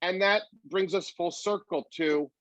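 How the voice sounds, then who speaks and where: A man's voice: sits high, a little slow, a bit bright, no room sound. A male comedian telling stories in an interview, upbeat and philosophical, rambling with fillers and restarts. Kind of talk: reflective storytelling in an interview.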